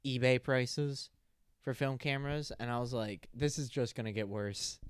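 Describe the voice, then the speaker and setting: A young college-age man chats loosely on his podcast, telling a rambling story with swear words and false starts. His voice is smooth and clear, and the sound is dry and close. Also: medium pitch, no echo. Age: young adult. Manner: rambling, swearing, quick laughs. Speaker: podcast host. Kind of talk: casual podcast chat. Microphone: podcast mic.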